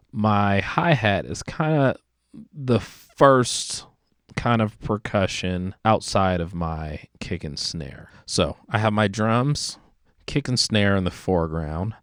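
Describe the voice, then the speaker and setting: A man with a low, smooth voice walks through his work in a relaxed tutorial, filling his sentences with easy little hedges. He sounds close to the mic in a dry, deadened space. His tone is explanatory and unhurried. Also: no room sound. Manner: relaxed, explanatory, many fillers like kinda. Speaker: music production teacher. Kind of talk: screen-recorded production tutorial.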